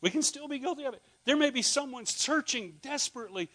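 A man's voice: extremely high pitch, animated, quick pace, few pauses, sharp tone. A middle-aged Scottish man preaching a sermon in a conversational way, asking the congregation questions and adding joking asides. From Scotland. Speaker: pastor.

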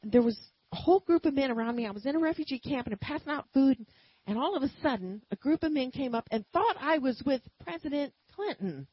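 A woman preaching a sermon and telling a personal story, swinging from quiet asides to loud emphatic bursts. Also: high-pitched, lively intonation, fairly quick, no room sound, highs cut off.

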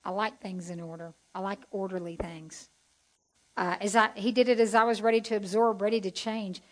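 A woman's voice: mid-range voice, steady tone, moderate pace, rough recording. A woman giving a chatty, heartfelt testimony as a Bible teacher to a group. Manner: folksy, chatty and heartfelt, with asides to the audience.

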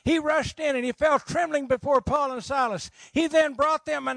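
A middle-aged man preaching with humor and passion, his voice strikingly high with a gravelly, fry-laden edge. The sound is close and dry, with little room around it. He asks his listeners questions as he goes. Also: brisk, few pauses, bright, forceful tone, no echo. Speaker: pastor. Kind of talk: sermon.

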